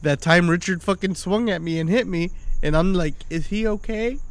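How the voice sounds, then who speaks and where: Rowdy drunk man, high voice. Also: normal speed. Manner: rowdy, swearing, laughing storyteller. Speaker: podcast co-host. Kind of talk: casual chat.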